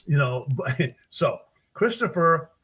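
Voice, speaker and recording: A man's voice: fairly high pitch, slow, husky, rough recording. An older man, an author, telling the story of his book in a casual interview, acting out his characters' voices as he goes. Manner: animated, acts out characters' voices while retelling his story.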